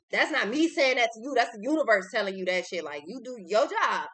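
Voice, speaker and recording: A woman's voice: fairly high pitch, animated, fairly quick, few pauses, a bit bright. A young adult woman giving a casual tarot reading, blunt, outspoken and freely cursing. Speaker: tarot reader.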